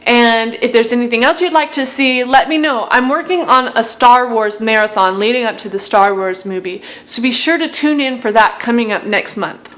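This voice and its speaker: A woman's voice: on the high side, moderate pace, few pauses, a bit bright. A woman vlogger in casual chat, gushing with fan enthusiasm as she breaks down song lyrics.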